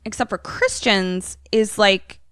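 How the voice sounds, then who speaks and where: A young woman podcast co-host recapping a movie in casual, animated, profane storytelling. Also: mid-range voice, slow, clean tone, no room sound, clean studio sound.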